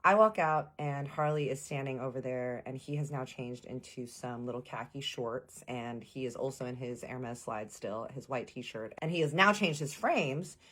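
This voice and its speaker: A woman's voice: a bass voice, moderate pace, few pauses, fairly bright tone, slight background noise. A young woman, casually telling a storytime tale, chatty and slangy, acting out the dialogue. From Texas.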